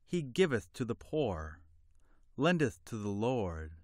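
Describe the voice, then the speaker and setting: Cunning, pleading beggar, put on by a male narrator; preachy and old-fashioned, slow delivery. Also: mid-range voice, big pitch swings, darkish tone, no echo, clean studio sound.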